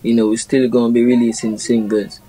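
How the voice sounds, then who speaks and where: A young Jamaican reggae artist talks in a relaxed, unhurried interview manner. His tone is mellow and dark, and his voice sits close and dry with no room around it. He explains ideas through proverbs, leaning on "you know" as he goes. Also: mid-range voice, no room sound, rough recording. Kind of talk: casual interview talk.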